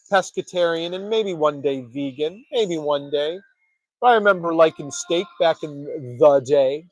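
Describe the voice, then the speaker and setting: A man's voice: sits high, dry recording, low-quality recording. Rambling, foul-mouthed man hosting. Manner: rambling, profane, jokey. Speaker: podcast host. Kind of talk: casual chat.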